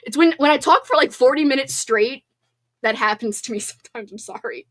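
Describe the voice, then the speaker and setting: A woman's voice: high-pitched, brisk, a bit bright. A woman hosting a live stream and chatting casually with viewers, bubbly and apologetic, laughing often and sounding congested. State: congested, sniffling. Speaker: livestream host.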